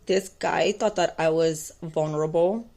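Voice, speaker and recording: A woman's voice: deep voice, fairly even intonation, measured pace, warm tone. A woman, mother of two, telling a personal story to camera in a rambling, intense way, with many fillers and a defiant tone. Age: adult, mother of two boys. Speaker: tarot vlogger.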